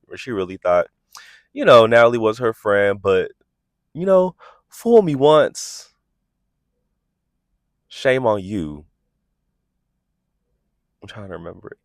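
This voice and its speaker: A man hosting a casual vlog that reviews a reality show, talking in an animated, incredulous, sassy way. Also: mid-range voice, a little slow, pauses often, dry recording. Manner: animated, incredulous, sassy, keeps asking "are you serious". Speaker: reality TV reviewer, channel host.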